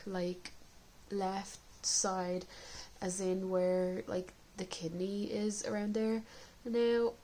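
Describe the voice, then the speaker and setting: A woman's voice: medium pitch, warm tone, slight background noise, poor audio. Chatty woman filming a home video diary. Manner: chatty, candid, with frequent coughs. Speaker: vlogger. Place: indoors at home.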